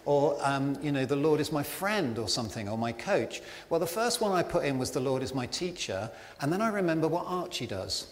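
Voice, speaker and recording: A man with a voice on the high side preaches a little fast with few pauses and big pitch swings. It's a chatty, self-deprecating sermon in a church hall, full of fillers and asides, recorded with the reverb and faint ambience of the hall.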